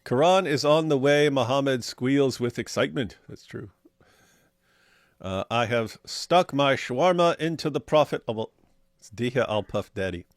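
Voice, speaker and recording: A man's voice: medium pitch, normal speed, no echo, clean studio sound. A man co-hosting a casual livestream, reading viewer comments aloud and answering them with sarcastic jokes. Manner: sarcastic, animated, joking. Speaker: co-host reading viewer chat.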